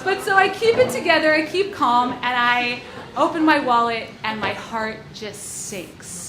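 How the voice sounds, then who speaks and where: A young woman telling a personal story to a live audience on stage, wry and self-mocking, with quick asides, on a stage mic. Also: fairly high pitch, expressive. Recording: echoey live venue with crowd noise.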